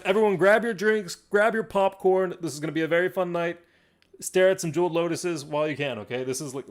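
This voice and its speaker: Hyped guy running a card shop livestream, kinda high voice, rambles a lot. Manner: excitable and rambling, laughs often. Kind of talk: live stream chat to viewers.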